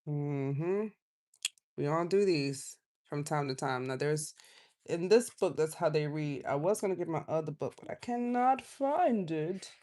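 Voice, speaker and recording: A woman gives a live tarot reading in a loose, chatty style, drifting between quiet asides and loud outbursts. Her voice is low and her pace unhurried.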